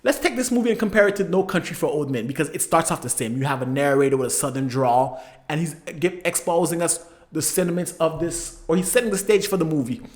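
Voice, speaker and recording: Exasperated high-voiced man ranting a review. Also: fast. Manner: exasperated, sarcastic, swings between loud outbursts and muttered asides. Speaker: movie review host.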